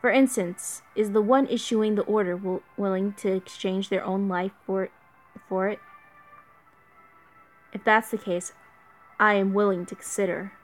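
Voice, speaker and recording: A woman voicing a calm, stern male warrior servant from a game, speaking in a measured, formal way. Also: mid-range voice, faint music behind, lightly acted.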